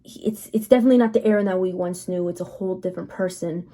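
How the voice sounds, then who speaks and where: Woman reviewer, relaxed mellow tone, easygoing chatty recap with filler words. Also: lowish voice, quick pace. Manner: chatty, loose storytelling with many fillers. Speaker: anime reviewer. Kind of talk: casual episode recap.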